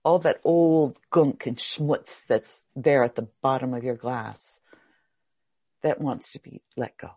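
An older woman leads a meditation class in a soft, husky voice that has some breath in it. She tells stories in a chatty way, laughing and restarting her sentences. The sound is dry and close to the mic. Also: a bass voice, slow pace, no room sound. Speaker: meditation teacher. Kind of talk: workshop talk with personal stories.

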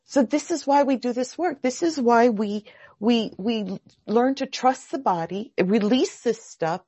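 An older woman leads a meditation class in a soft, husky voice that has some breath in it. She tells stories in a chatty way, laughing and restarting her sentences. The sound is dry and close to the mic. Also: on the high side, a little slow, no room sound, highs cut off. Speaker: meditation teacher. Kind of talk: workshop talk with personal stories.

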